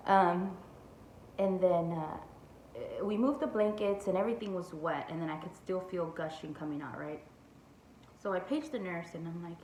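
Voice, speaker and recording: A woman's voice: on the low side, moderate pace, a little hiss or hum. A young woman chatting through a storytime vlog, full of "like" and "y'all". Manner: chatty, says "like" and "y'all" a lot. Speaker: vlogger. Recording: echoey room with faint ambience.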